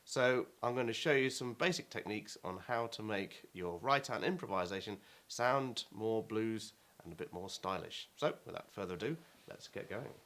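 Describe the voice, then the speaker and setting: A man's voice: lowish voice, normal speed, hardly any pauses. Man teaching a keyboard lesson. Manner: chants rhythm words loudly over playing; relaxed explaining with fillers. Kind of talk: online music lesson.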